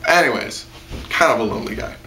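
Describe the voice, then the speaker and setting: A young man giving a casual, rambling anime review from a room at home, excitable and full of "like" and squealed impressions. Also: medium pitch, fast talker, background noise. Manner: rambling, excitable, lots of "like" and squealed quoted voices.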